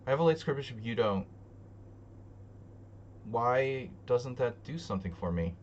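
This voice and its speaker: A man's voice: medium pitch, lively intonation, moderate pace, dull audio, slight background noise. A man streaming live online chess, thinking aloud as he plays, joking and muttering to himself. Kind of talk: live commentary while playing online chess. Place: home streaming setup.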